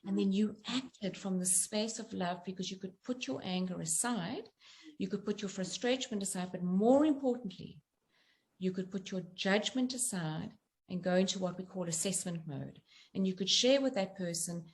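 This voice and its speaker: A middle-aged woman, a guest author and coach, talking in a gentle, earnest, reflective way and explaining through personal examples. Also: medium pitch, normal speed. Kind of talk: reflective interview talk.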